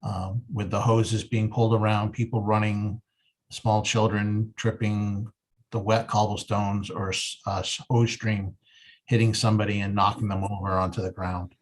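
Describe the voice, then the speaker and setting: Earnest fire chief, lowish voice. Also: male voice, flat delivery. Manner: earnest, halting, with many 'um's and restarts. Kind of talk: public meeting presentation.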